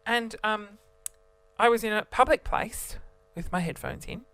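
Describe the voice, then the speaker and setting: A young man telling a story to camera as a vlogger, animated and theatrical, jumping between voices. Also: sits high, unhurried, clean tone, no room sound, soft background music.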